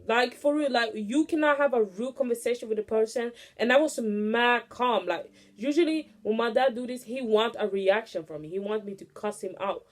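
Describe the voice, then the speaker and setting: A young woman near twenty, pitched a bit high, talks straight to her audience in a casual venting monologue. She rants bluntly and swears freely, keeping her delivery loose and animated throughout. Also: moderate pace, hardly any pauses. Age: late teens. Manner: blunt, profane, animated ranting. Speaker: vlogger.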